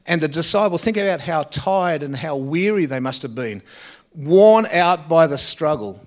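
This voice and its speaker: A man preaching a sermon, earnest, with frequent pauses and phrase endings that drop soft. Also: a little high. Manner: earnest, pausing often and dropping softly at phrase ends.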